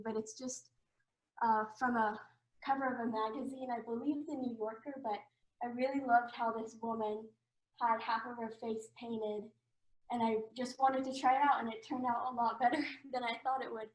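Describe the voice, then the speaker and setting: A woman's voice: a little high, steady tone, moderate pace. Young woman talking hesitantly in an echoey room. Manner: hesitant, with frequent ums. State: a little out of breath. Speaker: art student presenting her work. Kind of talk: casual showcase talk.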